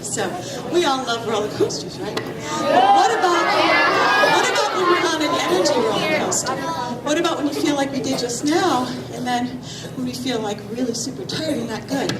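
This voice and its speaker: High-voiced, breathless woman trainer in a hall. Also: lively intonation, a little fast. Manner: upbeat, coaxing, asks lots of questions. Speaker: physical trainer. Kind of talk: health talk to kids and families. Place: large hall with an audience. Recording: roomy echo, far from mic, loud crowd noise.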